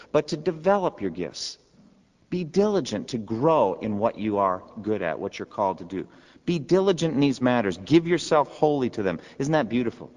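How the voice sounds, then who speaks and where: A man preaching a sermon as pastor, earnest and emphatic, asking his listeners rhetorical questions. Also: mid-range voice. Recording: long hall reverb.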